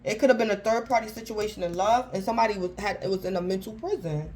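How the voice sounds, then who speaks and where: A woman reads tarot cards in a loose, chatty way, her voice sitting at a middle pitch. She talks in slangy, informal phrasing, restarts her sentences and keeps calling out to her listener by star sign. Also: fast talker, a little mellow, slight background noise, poor audio. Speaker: tarot reader. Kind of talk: casual tarot reading to camera.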